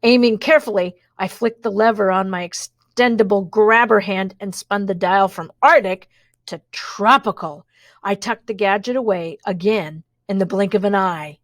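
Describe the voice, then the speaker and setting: A woman's voice: medium pitch, normal speed, no echo. A woman reading a children's adventure book aloud with expression, dropping in wry asides of her own. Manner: reads expressively, adds wry spoken asides. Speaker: storybook reader.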